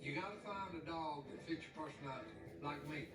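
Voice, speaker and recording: A man's voice: a little high, quick pace, over loud music. A man joking boastfully in a playful bragging tone. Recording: distant echoey noisy clip.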